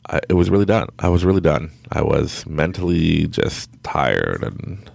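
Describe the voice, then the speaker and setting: A man with a deep, gravelly voice tells a story in a loose, chatty way. His pitch leaps all over as he acts out his own thoughts and breaks into laughter, recorded close and dry. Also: very animated, normal speed, darkish tone, no room sound. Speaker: podcast guest. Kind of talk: casual storytelling.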